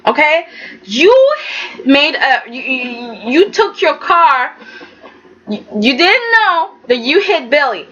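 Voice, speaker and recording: A woman giving a casual, animated recap of a soap opera episode, talking straight at the characters. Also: high voice, slow pace, pauses often, muffled recording.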